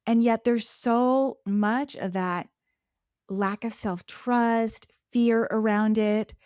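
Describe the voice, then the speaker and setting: A woman's voice: fairly even intonation, slow, a little mellow, smooth, dry recording. Conversational woman podcast host, dry sound. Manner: conversational, agreeing, pitch lifts when quoting. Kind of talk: casual interview chat.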